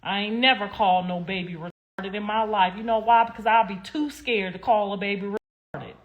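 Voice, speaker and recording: A woman's voice: mid-range voice, steady tone, fairly quick, muffled recording. Blunt, sassy woman ranting on a livestream. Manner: blunt, swears freely, rambling and emphatic; sassy, talks straight to viewers. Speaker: livestream host. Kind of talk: casual livestream commentary.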